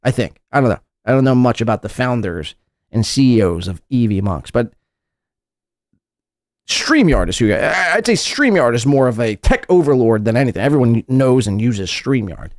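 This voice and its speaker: A man's voice: mid-range voice, sing-song, moderate pace, no room sound, clean studio sound. Sarcastic mocking podcast host, man. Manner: sarcastic, crude. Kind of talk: mocking commentary.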